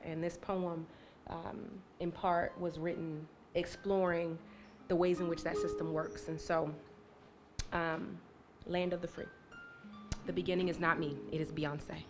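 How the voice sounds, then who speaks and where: A young woman from Maryland with an American accent, performing spoken word poetry with rhythmic, emphatic recitation and soft, hesitant spoken introductions at an indoor live event. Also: fairly low pitch. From Maryland, USA. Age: young adult. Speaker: poet.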